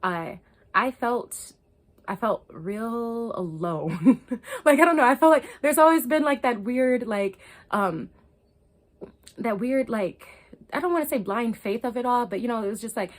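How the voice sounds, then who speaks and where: A woman talking to camera in a casual storytime vlog. She is loose and chatty, swears freely, fills her talk with "like" and "um", laughs often, and moves between hushed and excited. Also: a little high, moderate pace. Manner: loose, profane and chatty, full of "like" and "um". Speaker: spiritual vlogger.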